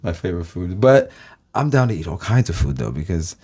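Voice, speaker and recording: A man's voice: low-pitched, sing-song, brisk, mellow, slightly rough. A man from Los Angeles, a YouTuber, rambling casually to his viewers, swearing constantly and calling them guys.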